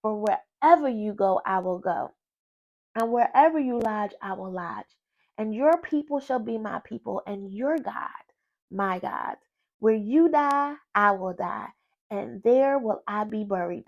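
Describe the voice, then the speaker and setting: A woman's voice: medium pitch, animated, unhurried, vocal fry, muffled recording. Woman reads a steadfast young biblical widow; earnest, solemn vow.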